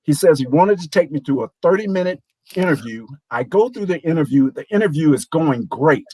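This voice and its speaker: A man in his sixties, a show guest, telling a lively anecdote and acting out the voices of people in it. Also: a little high, brisk, breathy edge, dry recording, low-quality recording. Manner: animated, acts out quoted voices. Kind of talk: storytelling anecdote.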